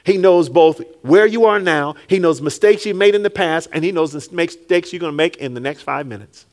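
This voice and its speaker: A man preaching a sermon with call-and-response, rising to shouts and dropping low, acting out scripture figures. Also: a little fast. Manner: animated, call-and-response, rises to shouts then drops low; acts out Jesus and Peter in quiet low tones.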